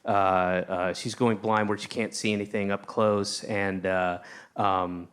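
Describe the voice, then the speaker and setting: A man doing a stand-up routine, telling a rambling story with lots of restarts and sudden shouted outbursts. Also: on the low side, flat delivery, measured pace. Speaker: stand-up comedian. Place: comedy stage with a live audience.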